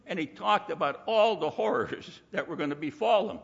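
A man preaching a sermon in a folksy, animated way, acting out the voices he quotes. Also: sits high, moderate pace, gravelly, hardly any pauses, husky. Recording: dull lo-fi recording with long hall reverb.

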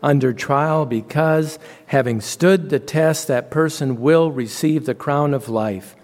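Guy preaching real slow, repeats stuff for emphasis, long echo on his voice. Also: a little high, darkish tone. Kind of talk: sermon. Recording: long reverb.

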